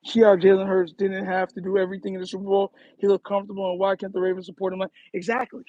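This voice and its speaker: A young man chatting on a live stream, animated and repetitive, calling people "bro" as he talks to his chat while running errands. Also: high voice, rapid-fire, no echo, highs cut off. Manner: animated, repeats himself, says "bro" a lot.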